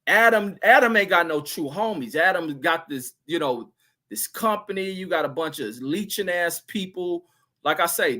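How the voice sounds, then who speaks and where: A middle-aged man rants to his livestream chat in a loose, profane, rambling way. His voice sits a little higher than most men's. He reads comments aloud and drifts into stories. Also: pushed and bright. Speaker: livestream host reading chat. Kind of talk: casual profane livestream rant.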